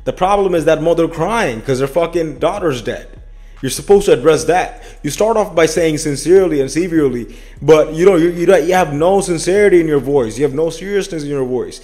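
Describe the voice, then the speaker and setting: Casual host type: a man with a slightly high voice, talking bluntly and swearing freely while reacting to clips. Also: brisk. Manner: blunt, profane, animated, says "man" and "bro". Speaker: political reaction commentator.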